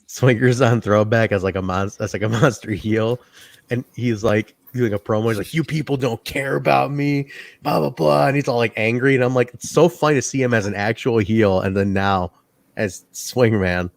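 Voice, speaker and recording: A man's voice: fairly low pitch, normal speed, dry recording. A man co-hosting a casual wrestling review, recapping segments, quoting lines and laughing often. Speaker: podcast co-host.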